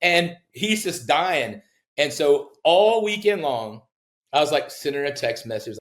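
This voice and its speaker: A middle-aged man, a home builder and podcast guest, telling stories in casual talk and acting out the people he quotes with big leaps in pitch. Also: measured pace, reverberant. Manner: animated storyteller who acts out quoted people with big jumps in pitch. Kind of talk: casual storytelling in a podcast interview.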